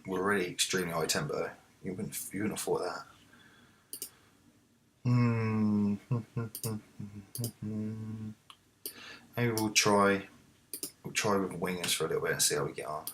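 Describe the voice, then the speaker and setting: Low-voiced male gamer, narrates the match play by play and yells at his team. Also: measured pace, long pauses, a little hiss or hum. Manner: talks to the players, swings from muttering to excited shouts. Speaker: let's play host. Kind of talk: live game commentary.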